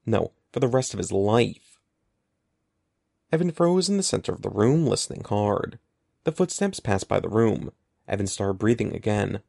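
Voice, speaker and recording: Expressive male audiobook narrator. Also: on the low side, normal speed, gravelly, dry recording, studio quality. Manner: expressive, lively storytelling. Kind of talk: scripted narration.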